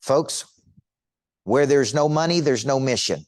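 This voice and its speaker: A middle-aged man delivers a motivational teaching talk, coaching his audience emphatically and repetitively while firing rhetorical questions at them. His medium-pitched, darkish voice is lively in intonation but a little slow, captured in clean studio sound with no echo.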